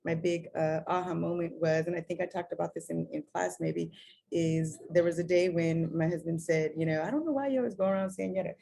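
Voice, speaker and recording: A woman's voice: on the low side, steady tone, a little fast, vocal fry, warm tone. A middle-aged woman talking candidly as an interview guest, swearing casually and acting out her own past words. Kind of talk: casual conversation.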